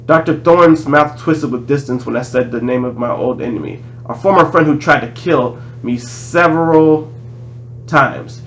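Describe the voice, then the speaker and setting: A man reading a novel aloud in a plain, steady voice, restarting a few words now and then. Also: a little high, a little slow, a little hiss or hum, rough recording. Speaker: audiobook reader.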